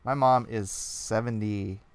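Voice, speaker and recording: A man's voice: lowish voice, steady tone, measured pace, smooth, no echo. A man in his forties co-hosting a casual livestream, chatty and rambling, laughing often. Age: 40s. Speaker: co-host.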